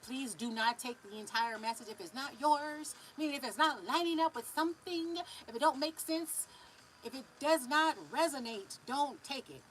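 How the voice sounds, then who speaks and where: A Californian woman with a slightly high voice gives a live spiritual reading. She talks in a loose, animated way, stretching words and filling gaps with hums and "yes, indeed." A faint hiss sits under the recording. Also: moderate pace, poor audio. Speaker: spiritual reader.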